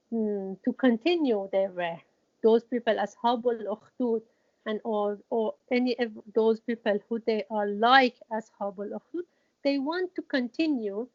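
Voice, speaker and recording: High-voiced woman teaching, hesitant delivery. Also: darkish tone. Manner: hesitant, many restarts and fillers, repeats key words for emphasis. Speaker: Quran teacher. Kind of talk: explanatory lesson. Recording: dull lo-fi recording.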